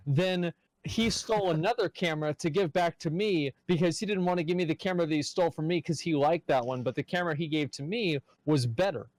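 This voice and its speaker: High-voiced young man rambling anecdotes. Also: brisk, darkish tone, no echo, low-quality recording. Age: young adult. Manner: rambling anecdotes, strung together with likes. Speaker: podcast guest. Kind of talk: casual podcast chat.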